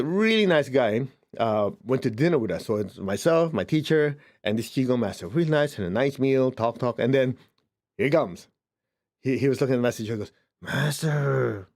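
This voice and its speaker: Guy giving a laid-back spiritual talk, keeps asking "got it?", voice jumps up when he stresses stuff. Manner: conversational, checks in with listeners often; lively, swings up in pitch for emphasis. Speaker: spiritual teacher.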